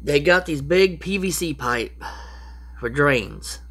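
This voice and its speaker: A man's voice: fairly high pitch, expressive, slow, a bit bright. A man giving rambling, casual how-to advice as a prepper vlogger, with frequent restarts and asides.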